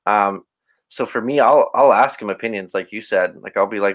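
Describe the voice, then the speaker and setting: A man's voice: fairly low pitch, normal speed. A man speaking as a podcast guest, reflective and open, often restarting his sentences. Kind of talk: casual interview chat.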